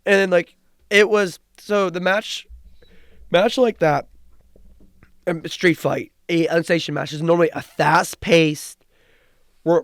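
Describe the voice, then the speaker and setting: Excited young man, rambling recap. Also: fairly high pitch, clean tone, no echo, studio quality. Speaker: podcast co-host. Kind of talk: casual chat.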